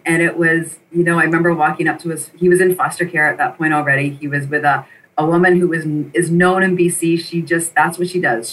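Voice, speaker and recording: A middle-aged woman, an interview guest, telling a personal story in an animated, emotional way and repeating phrases for emphasis. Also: on the low side, a little hiss or hum. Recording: voice a bit distant from the mic.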